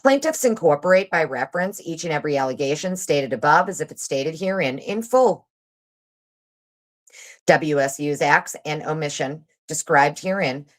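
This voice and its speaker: Woman livestream host with a low voice, fast reader, sarcastic and swearing. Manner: sarcastic and profane. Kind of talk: casual livestream chat and reading aloud.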